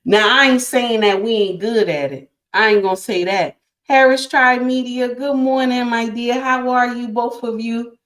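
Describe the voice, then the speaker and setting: A woman's voice: fairly high pitch, moderate pace, a bit bright, echoey room. A woman hosting a casual relationship talk to her live chat, emphatic and repetitive, calling listeners honey and my dear. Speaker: livestream host.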